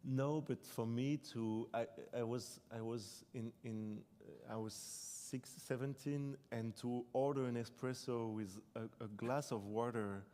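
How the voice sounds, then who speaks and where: A young French man whose first language is French talks in English with a mellow, darker tone, reflective and halting, often circling back to restart a sentence. His voice carries the long reverb of a large hall. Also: medium pitch, steady tone. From France. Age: 20s. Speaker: author being interviewed. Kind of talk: live stage interview. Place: debate hall on stage.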